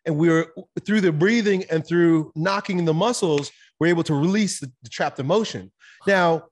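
A man talking as a podcast guest, telling a personal story in a candid, animated way, swearing now and then. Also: a little high, moderate pace. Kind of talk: casual conversational storytelling.

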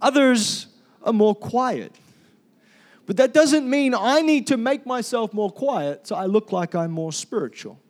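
A high-voiced male pastor delivering a sermon with loud, energetic drive. He keeps prompting the congregation to say key words back to him. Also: measured pace.

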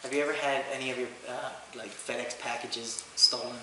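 A man's voice: mid-range voice, fairly even intonation, a little fast, sharp tone. A man co-hosting a casual chat, laid-back and slangy, often laughing. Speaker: podcast co-host. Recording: very echoey room with faint noise.

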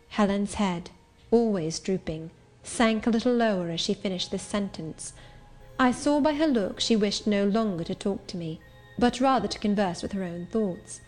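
A woman narrates an audiobook in a clear, measured and literary way. Her voice sits at a middle pitch, and faint music plays softly underneath. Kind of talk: scripted narration.

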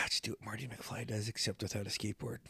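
A man's voice: on the low side, quick pace, creaky, crowd noise. A man hosting a podcast, telling stories in casual chat and swearing often. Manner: swears a lot, animated storytelling. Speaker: podcast host.

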